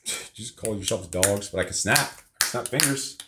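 A man's voice: lowish voice, moderate pace, very noisy. A man hosting a casual live show with his kids, joking and swearing freely. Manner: profane, joking, loud bursts. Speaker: podcast host and father.

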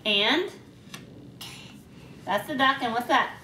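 A woman reading picture books aloud to a toddler, asking patient questions in a slow, playful way. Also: a little high, animated, sharp tone, a little hiss or hum. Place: home room. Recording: roomy home video from a distance.

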